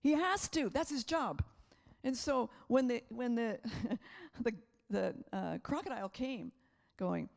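A middle-aged woman preaching a sermon, animated and laughing often as she acts out the voices in her stories. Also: high-pitched, slow.

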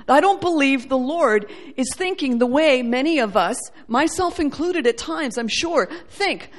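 A woman preaching a sermon, animated, acting out quoted voices and swinging between loud, ringing passages and soft, low ones. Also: moderate pace.

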